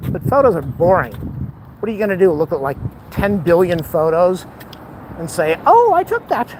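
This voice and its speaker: A man's voice: fairly high pitch, lively intonation, normal speed. Breathless man vlogging while walking uphill. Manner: chatty, rambling, exclaims often. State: out of breath, overheated. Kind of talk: casual walking vlog. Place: outdoors on a city street near an airport. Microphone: camera held while walking. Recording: outdoor street noise.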